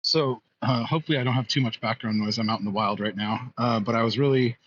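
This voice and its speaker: A man calling in from outdoors, halting with many fillers. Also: medium pitch, breathy edge, no echo. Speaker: caller. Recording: dull dry call audio.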